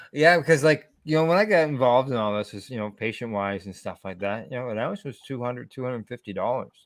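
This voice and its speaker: A man's voice: mid-range voice, fairly quick, few pauses, dry recording, clean studio sound. A man hosting a casual chat over a video call, talking in a rambling way full of asides. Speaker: host.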